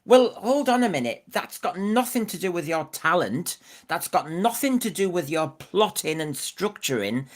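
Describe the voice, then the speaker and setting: A man's voice: high-pitched, big pitch swings, normal speed, few pauses. A man co-hosting a podcast, opinionated and fond of rhetorical questions in casual discussion. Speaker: podcast co-host.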